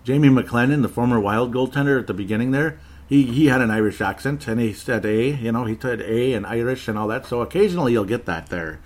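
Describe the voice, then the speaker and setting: A man's voice: mid-range voice, expressive, quick pace. Guy hosting a sports show, rambly and chuckly, keeps correcting himself, reading out comments. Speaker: sports podcast host. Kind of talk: casual chat reading listener comments.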